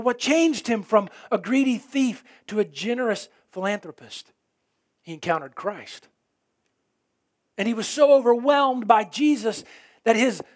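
A middle-aged man preaching a sermon, animated, rising to loud emphasis and dropping to quiet, intense lines. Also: high voice. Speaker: pastor.

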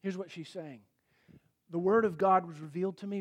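A middle-aged male pastor preaching a sermon in an earnest, emphatic way, rising to forceful peaks. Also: high voice, fairly even intonation, moderate pace, breathy edge.

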